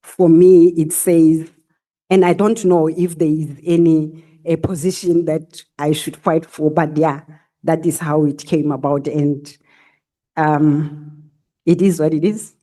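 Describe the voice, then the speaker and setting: A woman in middle age speaks slowly and deliberately, pausing on filler sounds as she gives formal testimony. Her voice is dark and mellow. It stays flat and even in pitch throughout. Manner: slow, measured, halting with filler sounds. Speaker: police general giving testimony.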